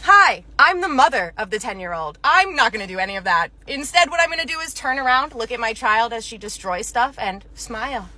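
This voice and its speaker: A smug, dismissive mom, acted by a woman in a comedy skit, breezily unbothered. Her tone is bright and sharp. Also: a little high, expressive, a little fast, few pauses. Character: smug indifferent mother of an unruly girl.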